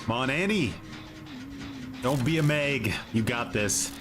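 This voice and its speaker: A man's voice: medium pitch, expressive, slow pace, over music. Joking man streaming a game. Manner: joking, teasing, playful put-on phrases. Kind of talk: casual live gameplay chatter.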